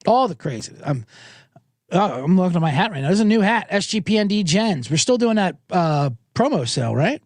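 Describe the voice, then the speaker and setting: A man's voice: high voice, big pitch swings, brisk, no echo. A man hosting a podcast, rambling through a casual, irreverent and profane monologue into a close studio microphone. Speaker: podcast host. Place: home studio with monitors.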